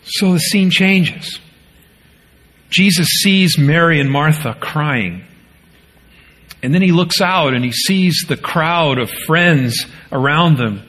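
A man preaching as a pastor rises into pleading when he quotes, then drops low and quiet to deliver solemn points.

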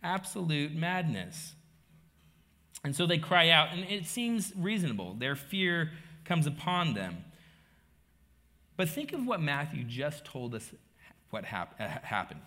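Preaching a sermon, a middle-aged pastor tells the story with rhetorical questions, shifting between hushed asides and loud emphasis. His pitch runs a little high, his delivery is very animated, and his pace is a little slow.

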